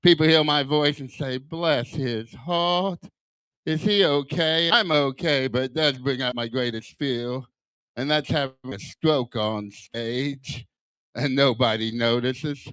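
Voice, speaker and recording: A man's voice: mid-range voice, steady tone, measured pace, a bit bright, clean tone, no room sound. An older man doing stand-up comedy with a strong lisp that whistles on his s sounds, firing off self-deprecating one-liners on a club stage. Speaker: stand-up comic.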